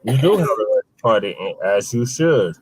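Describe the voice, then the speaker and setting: A man on a casual podcast, calmly reasoning and setting the facts straight. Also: lowish voice, brisk, husky, low-quality recording. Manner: calm, reasoning, corrective. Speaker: podcast co-host. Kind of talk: casual chat.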